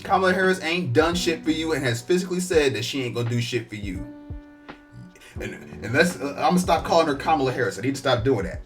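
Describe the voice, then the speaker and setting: Profane man ranting, mid-pitched. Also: expressive, fast, faint music behind. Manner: profane, blunt, mocking. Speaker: online commentator. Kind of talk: ranting political commentary.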